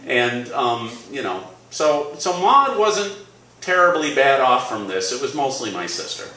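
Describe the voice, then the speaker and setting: A man's voice: mid-range voice, very animated, measured pace, bright, forceful tone. A man telling a personal story live on a cafe stage, casual, rambling and self-deprecating. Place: cafe stage before an audience. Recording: echoey room, distant mic, crowd ambience.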